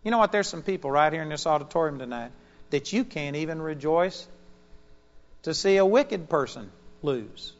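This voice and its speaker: A man preaches to a congregation in an auditorium. His voice sits a little high, and he moves from forceful, loud proclamations to soft, mellow asides. The sound is muffled and lo-fi. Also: lively intonation, moderate pace. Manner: emphatic, swings between loud declarations and quiet asides. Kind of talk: sermon.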